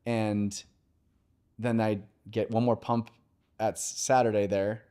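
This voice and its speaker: Low, smooth-voiced man telling his story. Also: flat delivery, mellow. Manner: open and conversational, with filler pauses. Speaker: podcast guest, mortgage lender. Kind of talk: candid personal storytelling.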